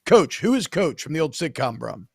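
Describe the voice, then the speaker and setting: A man in his thirties co-hosts a sports talk show, his voice a touch higher than most men's. He tells stories about himself with animated, self-mocking humor, and the sound is dry and close to the mic. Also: moderate pace, vocal fry, breathy edge, no echo. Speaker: co-host. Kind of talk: casual sports podcast chat.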